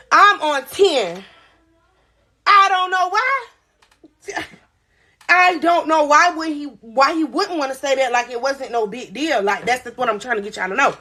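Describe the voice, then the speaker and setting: A woman in her twenties telling a storytime on a live vlog, animated and slangy, laughing as she goes. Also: sits high. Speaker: vlogger.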